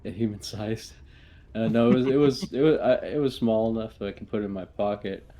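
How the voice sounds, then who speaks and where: A man's voice: fairly low pitch, brisk, warm tone. A man playing a tabletop game, hesitant and easygoing. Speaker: player. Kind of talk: casual tabletop play.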